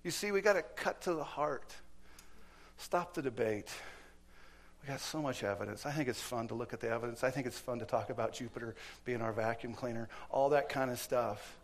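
Speaking at a normal speed in a mid-range voice, a man preaches in church. His storytelling includes acted quotes, and his volume swings from loud to hushed.

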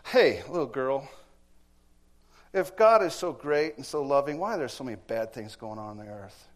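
Preacher doing a loud exasperated atheist guy yelling questions, in church. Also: medium pitch, animated, moderate pace, natural voice. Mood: challenging. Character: angry adult male atheist on a street.

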